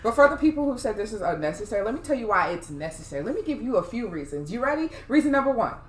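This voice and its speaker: A woman's voice: a little high, very animated, racing. A young woman co-hosting a casual podcast, talking emphatically and swearing. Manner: emphatic, sweary, talks over her co-host. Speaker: podcast co-host. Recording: echoey room with faint noise.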